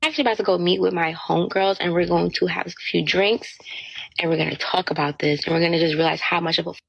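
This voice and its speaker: Indignant young woman with a gravelly voice. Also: on the low side, fairly even intonation, fast talker, lo-fi sound. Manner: indignant, exasperated, quotes others a lot. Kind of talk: casual storytime rant to camera.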